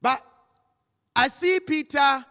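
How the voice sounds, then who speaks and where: A man preaching a sermon, dramatic and acting out quotes, sometimes rising to shouts. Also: very high-pitched, slow pace, vocal fry. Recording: long hall reverb.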